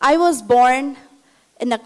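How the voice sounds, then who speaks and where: A woman's voice: sits high, slow pace, a little mellow. A young woman from India, telling a personal story in an earnest way and quoting the people in it. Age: young adult. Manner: earnest, with frequent reported dialogue. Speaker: speaker telling her story.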